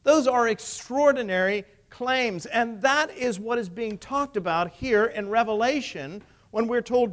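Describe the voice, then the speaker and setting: Guy giving a sermon, pretty high voice, leans hard on the big points, throws questions at the crowd. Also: unhurried, few pauses, fairly bright tone. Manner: emphatic, rhetorical questions to listeners. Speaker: preacher.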